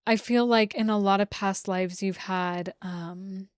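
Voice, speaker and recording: A woman's voice: mid-range voice, fairly even intonation, a little slow, smooth, no room sound, clean studio sound. A young woman giving a casual, emotional tarot reading to her viewers, full of "like" fillers. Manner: emotional, gushing, many "like" fillers. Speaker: tarot reader.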